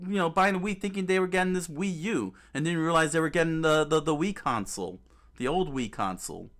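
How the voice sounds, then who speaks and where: Here's a gaming channel host, a man whose voice sits a little high and a bit bright, moving fairly quickly. He gives casual commentary on clips he's browsing, stressing points, repeating himself, and restarting lines with plenty of fillers.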